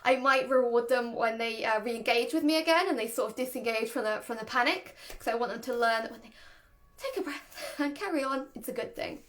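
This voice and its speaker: High-voiced woman, chatty dog trainer. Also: brisk. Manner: chatty, laughs often, animated. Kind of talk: casual instructional talk.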